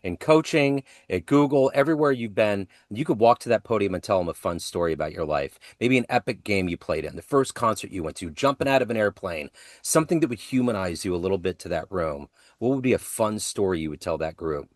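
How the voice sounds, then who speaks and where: A man's voice: lowish voice, animated, brisk, dry recording, studio quality. A man hosting an interview who asks long, playful questions in a casual way. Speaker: interview host.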